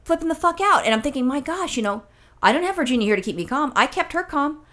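Fast-talking, foul-mouthed woman ranting. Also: sits high, sing-song, a bit bright. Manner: profane, exasperated storytelling. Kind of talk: casual chat, ranting anecdote.

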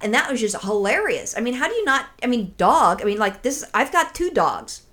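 A woman's voice: fairly high pitch, fairly quick. A woman co-hosting a casual podcast, telling a story with lots of energy, swearing freely and acting out the people in it. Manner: animated storyteller, swears freely, mimics callers. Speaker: podcast co-host.

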